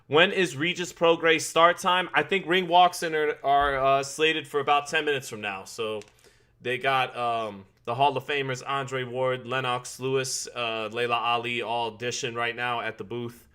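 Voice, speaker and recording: A man's voice: mid-range voice, steady tone, unhurried, bright, forceful tone, clean tone. A man hosting a live boxing watch-party stream from his basement, chatting and greeting viewers by name. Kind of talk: live-stream commentary with chat shout-outs. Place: home basement.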